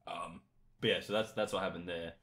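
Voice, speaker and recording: Deep-voiced young man telling stories. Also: quick pace. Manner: animated anecdotes, often laughing mid-sentence; boastful, swears casually. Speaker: podcast co-host. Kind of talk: casual chat, storytelling.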